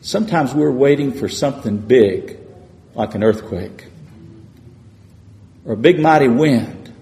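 A man's voice: mid-range voice, lively intonation, measured pace, mellow. Preacher man in an echoey hall. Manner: emphatic, repetitive preaching cadence. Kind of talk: sermon. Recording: echoey hall with long reverb.

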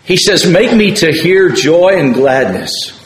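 Male preacher, high voice, unhurried delivery, fervent sermon in a roomy church. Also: very animated, a little hiss or hum. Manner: preaching with rising fervor, paraphrasing scripture. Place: church sanctuary.

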